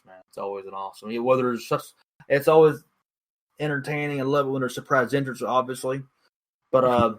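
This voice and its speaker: A young man co-hosting a podcast, chatting casually in an excitable, rambling way, full of fillers. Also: mid-range voice. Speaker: podcast co-host. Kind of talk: casual chat.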